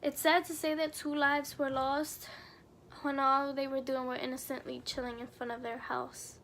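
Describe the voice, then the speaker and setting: Young adult woman, storytime vlogger; high, level delivery, earnest and somber. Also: flat delivery, moderate pace, a bit bright, a little hiss or hum. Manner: earnest, somber retelling with many fillers. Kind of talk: storytime narration.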